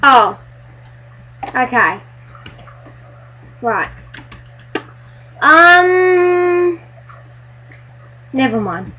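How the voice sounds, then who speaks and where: A woman chatting excitedly while playing a building game with friends, silly and bubbly, breaking into squeals. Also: high-pitched, extremely slow, pauses often, a little hiss or hum. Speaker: gamer playing on a friend's server. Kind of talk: excited let's-play chatter.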